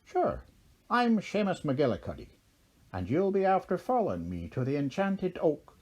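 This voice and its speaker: A small, cheeky leprechaun with a broad Irish brogue, as a male narrator puts him on, rattling off his words quickly and up high. The voice is husky and mellow. It is a storybook reading. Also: huge pitch swings, muffled recording, exaggerated voice. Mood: jovial. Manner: broad lilting brogue, mischievous.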